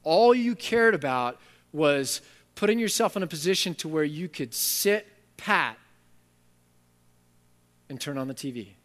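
A man's voice: on the high side, animated, a little slow, pauses often, a bit bright. A preacher voicing God as an insistent father. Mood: stern. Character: God as a loving, demanding father. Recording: long hall reverb.

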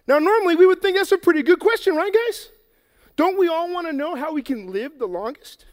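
A man telling a Bible story to children in a lively, playful way, acting it out and getting out of breath. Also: extremely high pitch, fast talker, long reverb tail. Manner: energetic, playful, acts out the story. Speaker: children's preacher. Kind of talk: animated Bible story for kids. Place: church hall with an audience.

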